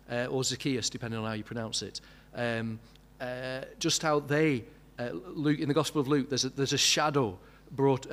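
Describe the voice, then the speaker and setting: A man preaching a sermon, asking many questions and building to emphatic peaks. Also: mid-range voice.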